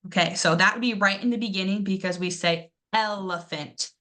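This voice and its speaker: A woman's voice: mid-range voice, fast talker, fairly bright tone. A young woman teaching a classroom pronunciation lesson, encouraging her students and exaggerating syllables to demonstrate them.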